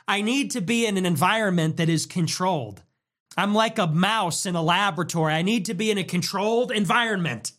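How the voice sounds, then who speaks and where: A man's voice: a little high, fairly bright tone. A young man hosting a podcast, talking in a casual, profane and ironic ramble about his life. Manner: profane, ironic and rambling, with mock voices for quoted people. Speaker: podcast host.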